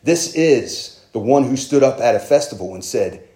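A man's voice: mid-range voice, animated, normal speed, hardly any pauses, warm tone. Earnest preaching man in an echoey room. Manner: earnest, conversational preaching with emphatic rises. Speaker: pastor. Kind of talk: sermon.

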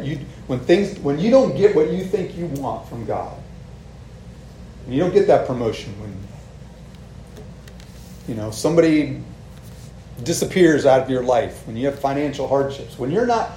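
A man's voice: mid-range voice, lively intonation, normal speed, pauses often, dark tone. A man preaching a sermon in a casual, conversational way, often asking "right?" to the congregation. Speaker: pastor. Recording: echoey room with faint ambient noise.

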